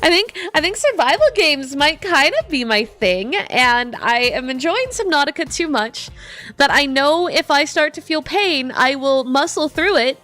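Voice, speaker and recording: A woman's voice: high-pitched, animated, unhurried, bright, forceful tone, soft background music. A woman streamer chatting casually while gaming, bubbly and talkative, reading viewers' messages aloud and laughing often.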